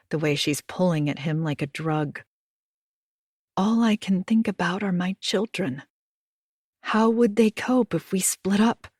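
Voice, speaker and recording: A woman with a lowish voice reads a first-person audiobook in close, hushed tones. The recording is dry and close, with no room sound, and at tense moments she sinks almost to a whisper. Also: dry recording. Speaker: audiobook narrator.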